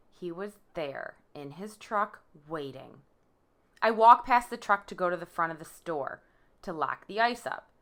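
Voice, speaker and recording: Woman, court impact statement, read aloud, halting, bright tone, lively pitch. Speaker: victim giving a statement.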